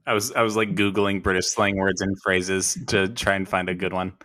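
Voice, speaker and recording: Laid-back lower-voiced man podcast host. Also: level tone, moderate pace, bright, forceful tone. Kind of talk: casual comedy podcast chat.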